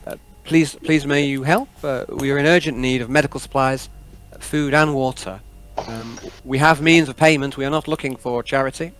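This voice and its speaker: A man's voice: mid-range voice, steady tone, normal speed, hardly any pauses, fairly bright tone, slight background noise, pitched above the performer's own voice, close to an everyday voice. A frightened woman captaining a refugee ship, put on by a man in a raised voice. She pleads politely and stumbles through her phrases. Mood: pleading.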